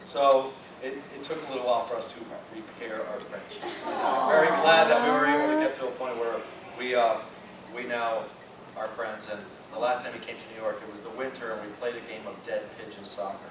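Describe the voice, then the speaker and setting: At a convention panel, a man who is a guest artist at a fan Q&A animatedly spins a joking, self-deprecating tale, restarting quickly and performing voices. Captured from a distance in an echoing hall, the medium-pitched voice comes with heavy noise.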